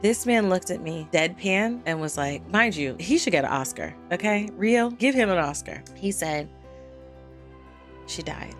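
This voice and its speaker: A woman vlogger in her thirties telling a lively, animated story in a casual chat, jumping high in pitch whenever she quotes people. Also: normal speed, few pauses, faint music behind.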